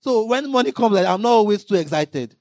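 A man preaching a sermon in an impassioned way, now and then rising into shouted emphasis. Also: high voice, expressive, fairly quick, no room sound, clean studio sound.

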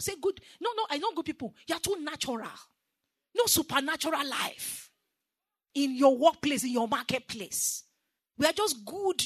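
A woman's voice: sits high, bright, forceful tone, no echo, studio quality. A woman preacher with a Nigerian accent giving an emphatic sermon and calling on the congregation to repeat her words. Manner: emphatic, call-and-response with the congregation.

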